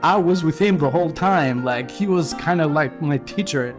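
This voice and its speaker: A man's voice: a little high, moderate pace. A man, telling a personal story in a casual, loose way full of "like.". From Albania. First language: Albanian. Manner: loose, rambling, peppered with "like". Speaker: guest. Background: guitar music.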